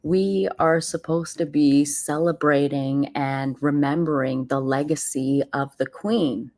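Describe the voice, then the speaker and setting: A woman hosts a casual livestream, talking straight to her viewers and calling them friends. Her voice sits low. She takes her time, speaking in an unhurried way. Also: fairly even intonation, darkish tone. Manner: chatty, addresses viewers as friends. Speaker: host of a livestream channel. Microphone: computer mic on a live stream.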